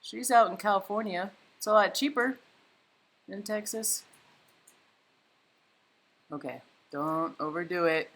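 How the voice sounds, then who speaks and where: A woman's voice: medium pitch, unhurried, long pauses, a bit bright. Woman host, live painting stream from home, chatty, thinks aloud, reads comments. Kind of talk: casual chat while painting live. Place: home, indoors.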